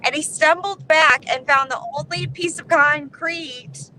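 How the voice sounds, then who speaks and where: Woman, bright voice, paranormal investigator, animated storyteller, faint road noise. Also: high voice, rough recording. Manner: animated storyteller, quick bursts. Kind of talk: casual chat.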